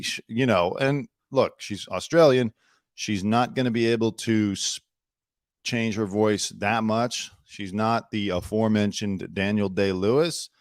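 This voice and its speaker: A man's voice: fairly low pitch, smooth, no echo, clean studio sound. Opinionated man hosting a news show. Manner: opinionated, chatty, sarcastic asides. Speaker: host. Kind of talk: casual news commentary.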